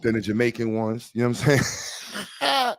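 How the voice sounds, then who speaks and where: A man's voice: medium pitch, monotone, fast talker, no room sound. A man hosting a casual livestream chat, talking bluntly and rambling with jokes. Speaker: host.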